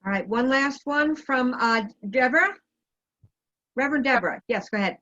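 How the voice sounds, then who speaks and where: Church service facilitator, woman, raised pitch, gentle and orderly; dull, dry call sound. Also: normal speed, dry recording. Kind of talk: leading an online church service. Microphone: video call.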